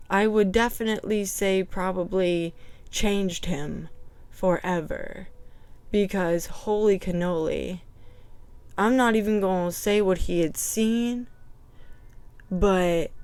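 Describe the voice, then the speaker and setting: Chatty woman vlogger, clear and dry. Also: medium pitch, no room sound. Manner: chatty, animated, with nervous laughs and emphatic asides. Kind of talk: casual house tour storytelling. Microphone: clip-on microphone.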